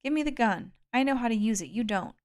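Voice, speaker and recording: A woman's voice: fairly high pitch, lively intonation, quick pace, darkish tone, close to an everyday voice. A woman reading aloud, voicing an uneasy young man who urgently tries to talk someone into handing over a gun. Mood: coaxing. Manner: insistent, coaxing, urgent. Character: uneasy young man trying to take control.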